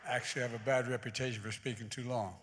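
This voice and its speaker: Older man in his eighties, public speech, folksy asides, bright tense tone, echoing church sanctuary. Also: mid-range voice, fairly even intonation, very fast, slight background noise. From United States. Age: 80s. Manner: folksy asides building to emphatic oratory. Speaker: guest speaker at a church service. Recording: long hall reverb in a large church.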